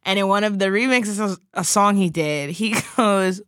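A woman co-hosting a casual podcast, telling animated stories, laughing often and mimicking other people. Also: mid-range voice, normal speed, few pauses, no echo, studio quality. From New York area, island kid. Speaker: podcast co-host. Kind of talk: casual chat.

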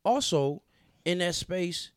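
Man, podcast co-host, fairly high voice, earnest, halting restarts, dry close mic. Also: expressive, clean tone, no echo. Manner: earnest, restarts often, slow and emphatic at times. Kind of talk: casual podcast discussion.

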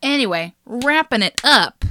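Bright-voiced excitable woman podcaster. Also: a little high, measured pace, a little hiss or hum. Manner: gushing, excitable, swears casually. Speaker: podcast co-host. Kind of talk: casual podcast chat.

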